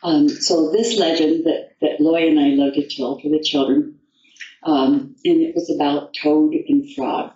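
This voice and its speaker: A woman storyteller at a festival, recounting an old legend and her own life in an unhurried, rambling way. Her voice sounds distant and roomy, with the muffled sound of a dull recording. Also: sits low, fairly even intonation, warm tone. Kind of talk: told folktale and personal anecdote. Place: festival venue.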